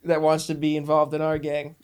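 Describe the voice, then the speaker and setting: A man's voice: a little high, monotone, fairly quick, smooth. A man guesting on a podcast in casual chat, playful and full of suggestions.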